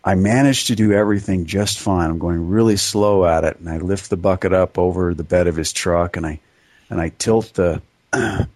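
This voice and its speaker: A man casually telling a funny story on a podcast, animated and laughing between lines. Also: low-pitched, no room sound. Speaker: podcast co-host.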